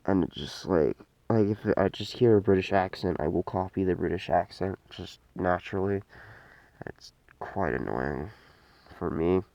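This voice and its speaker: A man's voice: deep voice, moderate pace, gravelly, dark tone, dry recording, dull audio. A man giving a casual, unscripted toy review, rambling and hesitant with many fillers and restarts.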